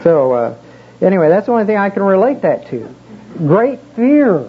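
A man's voice: sits high, big pitch swings, fast. A man preaching a casual sermon, telling a personal story in a folksy, conversational way with many fillers. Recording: muffled with faint background hiss.

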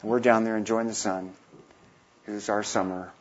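A missionary in his fifties tells an animated anecdote, acting out the voices of the people in it. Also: lowish voice, moderate pace, highs cut off. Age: 50s. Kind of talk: storytelling talk.

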